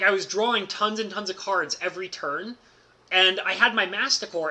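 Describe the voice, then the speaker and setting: A man streamer telling a casual, excitable story about a card game, packed with "like" fillers and bursts of laughter. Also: high-pitched.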